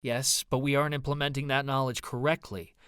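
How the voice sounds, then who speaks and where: A man's voice: mid-range voice, flat delivery, fairly quick, a bit bright, smooth, dry recording, studio quality, close to an everyday voice. A man narrating an audiobook, voicing an earnest young man who explains his findings emphatically. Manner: emphatic, slightly wavering.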